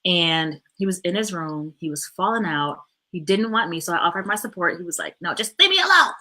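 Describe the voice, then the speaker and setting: A mother giving parenting advice in a casual, animated, chatty way, often checking in with her listeners. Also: lowish voice, a little fast. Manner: animated, chatty, keeps asking "right?".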